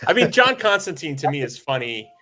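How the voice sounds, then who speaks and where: A man talking as a guest comic book writer, brainstorming casually on a video call, self-deprecating and quick to laugh. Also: fairly high pitch, sing-song, a crowd in the background.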